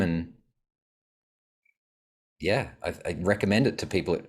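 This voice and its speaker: A man's voice: deep voice, normal speed, long pauses. A man, a podcast guest, telling reflective stories about his life in a casual conversation. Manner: reflective storytelling.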